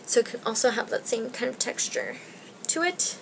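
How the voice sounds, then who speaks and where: A woman's voice: a little high, lively intonation, moderate pace, creaky, a little hiss or hum, rough recording. A young woman giving a casual hair tutorial at home, rambling and self-deprecating, a little out of breath. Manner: chatty, self-deprecating, rambling with many likes. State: slightly out of breath. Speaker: beauty vlogger.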